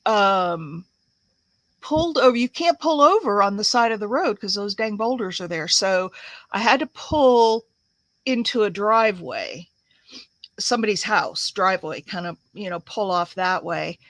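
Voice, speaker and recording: A woman's voice: medium pitch, fairly bright tone, dry recording. A woman from the United States hosting a crafting livestream, telling a rambling story in a casual, chatty way with many fillers while she works.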